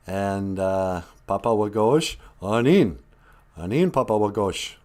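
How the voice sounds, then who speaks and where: A man's voice: fairly low pitch, measured pace, darkish tone. A man hosting a casual live stream, telling jokey stories with frequent chuckles and greeting viewers.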